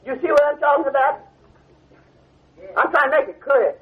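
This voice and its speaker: On a dull old 1970 lecture tape, an older man with a very high voice preaches to a class at a quick pace with lively intonation. In call-and-response style, he keeps stopping to ask "you see?" to check that his listeners get the point.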